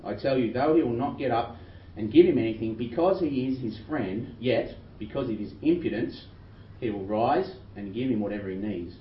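A man's voice: mid-range voice, normal speed. A man preaching a sermon, earnestly reading scripture with rising emphasis. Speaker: pastor. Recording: roomy distant dull recording with faint noise.

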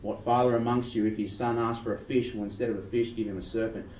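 A man's voice: on the low side, steady tone. Male pastor, earnest sermon delivery, miked from afar in a roomy church. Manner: earnest, reads scripture slowly with rising emphasis. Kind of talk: sermon with scripture reading. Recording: roomy distant dull recording with faint noise.

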